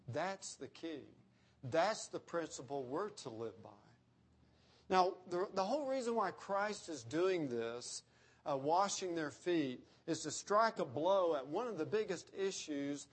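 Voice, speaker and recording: A man preaching an expository sermon, slowing down to quote scripture and stressing key words. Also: a little high, breathy edge. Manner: emphatic, slows down to quote scripture. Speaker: pastor.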